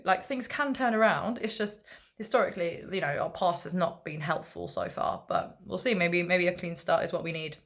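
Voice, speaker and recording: A young woman chatting into her vlog in a relaxed, rambling way, stopping often for fillers and asides. Her voice sits on the low side with a gravelly edge. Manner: rambling, laid back, many fillers. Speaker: football fan vlogger. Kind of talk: casual vlog chat.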